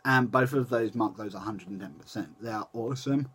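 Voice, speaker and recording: A man's voice: lowish voice, a little fast, a bit bright, breathy edge. Rambling young man vlogging. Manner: rambling and chatty, with many restarts and self-corrections. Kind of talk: casual chat to camera.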